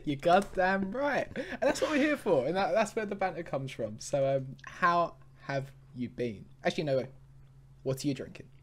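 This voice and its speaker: Easygoing man co-host, pitch bouncing up and down, laughs a lot. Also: sing-song, moderate pace, slight background noise. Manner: laid-back, laughs easily. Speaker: podcast co-host. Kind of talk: casual chat.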